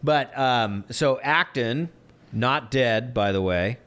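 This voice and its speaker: A man's voice: mid-range voice, slow, fairly bright tone. A man co-hosting a casual podcast, recapping a movie plot in an agreeable, easygoing way. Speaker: podcast co-host.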